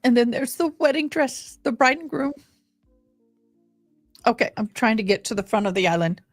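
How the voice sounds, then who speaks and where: A woman's voice: a little high, expressive, normal speed, no echo, clean studio sound. A woman livestreaming a game in a casual chat, talking straight to her viewers. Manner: chatty, addresses viewers directly. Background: faint game music.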